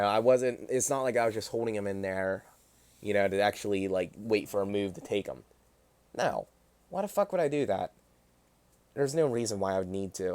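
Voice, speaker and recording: A man's voice: lowish voice, a bit bright, smooth, no room sound. A young man from Pennsylvania telling a personal story on a livestream in a rambling, profane, indignant way, with many fillers.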